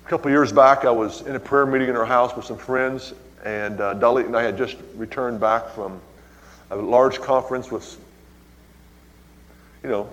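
A man's voice: mid-range voice, fairly even intonation, moderate pace, long pauses, fairly bright tone. A man preaching to his congregation as their pastor, telling stories and calling out "hallelujah" between points. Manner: exclaims "hallelujah" and calls out to the congregation. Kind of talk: preaching a sermon with personal stories. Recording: long reverb in a large hall.

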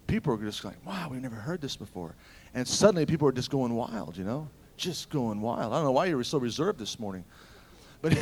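A male preacher delivering an animated sermon at a church service. His voice sits a little high and moves all over the place. He swings between loud exclamations and quiet, confiding asides as he tells his stories.

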